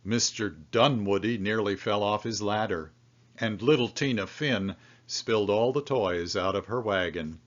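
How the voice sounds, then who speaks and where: A man reading a children's picture book aloud, telling the story in an expressive way. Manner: slow, expressive storytelling with lively pitch swings. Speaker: storybook reader. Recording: dull lo-fi recording.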